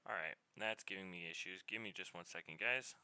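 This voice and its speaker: A man's voice: deep voice, a little fast, pushed and bright, smooth, no room sound, low-quality recording. A man chatting casually on a live game stream, greeting viewers by name in an easygoing way.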